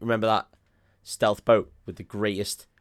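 A man's voice: fairly low pitch, little pitch movement, moderate pace. Sweary man riffing on a film. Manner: swears freely, acts out scenes in silly voices. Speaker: podcast co-host. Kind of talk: casual comedic film review chat.

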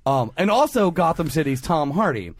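A man co-hosting a casual chat, rambling and halting with frequent laughs. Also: on the high side, very animated, dry recording, studio quality. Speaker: podcast co-host.

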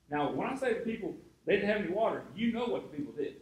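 Guy preaching, talks right to the crowd like a chat, kinda high voice, echoey church sound. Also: lively intonation, fast talker, hardly any pauses. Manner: conversational preaching with asides to the congregation. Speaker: pastor. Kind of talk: sermon.

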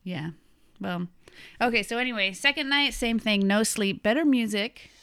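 In a fairly high, fairly bright voice at a moderate pace, this middle-aged American woman co-hosts a podcast. She laughs a lot while chatting casually and rambling through a travel story.

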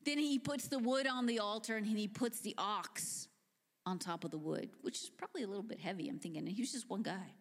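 A woman preaching a sermon, retelling a story in an animated, conversational way that drops into hushed tones. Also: mid-range voice, fairly quick. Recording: long hall reverb.

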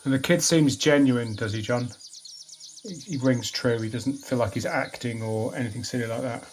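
Male player, mid-range, relaxed table chat, faint insect noise. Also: mid-range voice, moderate pace. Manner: thoughtful, checks with the game master. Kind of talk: casual chat around a tabletop game.

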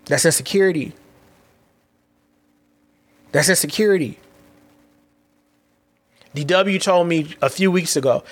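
High-voiced man hosting a podcast. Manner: quick, restless talk with repeated words and slangy asides. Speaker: podcast host. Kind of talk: reflective solo podcast monologue.

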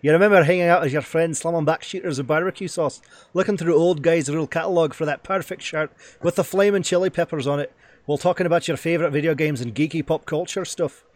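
A man doing an impression of a brash, loud TV chef in a punchy, hyped-up promo delivery. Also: fairly high pitch, fast talker, dry recording, voice pushed up, natural voice.

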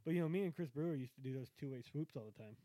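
A man in a casual chat, reminiscing about the old days with halting restarts. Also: on the high side, dark tone, no echo.

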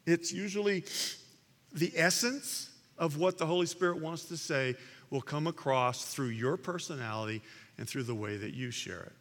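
Bright-voiced male preacher in a reverberant hall. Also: fairly high pitch. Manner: conversational preaching with animated retelling of stories. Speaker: pastor. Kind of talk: sermon.

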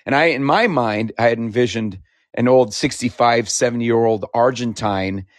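Chatty man from Idaho, mid pitch, dry close sound, an easy storyteller. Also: moderate pace, dry recording. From Idaho, United States. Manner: talkative, animated, laughs often. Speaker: interviewee, founder. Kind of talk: conversational storytelling.

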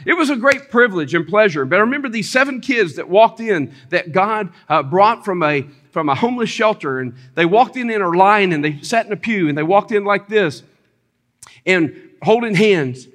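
A preacher man with a high voice tells testimony stories from the pulpit. He talks in an animated way, breaks into loud exclamations and chuckles, and leans on the crowd for agreement. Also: normal speed. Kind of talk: sermon testimony.

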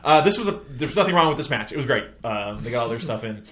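A man's voice: mid-range voice, lively intonation, quick pace, a bit bright. Casual sweary man recapping wrestling. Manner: loose, sweary play-by-play with jokey asides. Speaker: podcast host.

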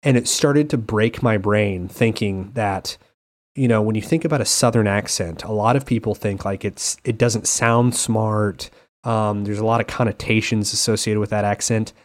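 Low-voiced man telling stories on a podcast. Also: moderate pace. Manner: animated storytelling, slips into playful accent impressions. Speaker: podcast co-host. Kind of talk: casual chat.

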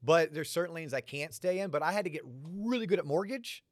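Male host, somewhat high pitch, direct and punchy, dry sound. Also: brisk, no echo. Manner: direct, gives short punchy advice. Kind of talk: casual panel talk. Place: university lecture hall before a student audience.

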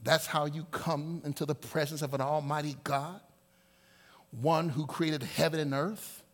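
A male pastor preaching a sermon with dynamic swings from loud to hushed, acting out prayers in quoted voices. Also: a little high, fairly even intonation, measured pace.

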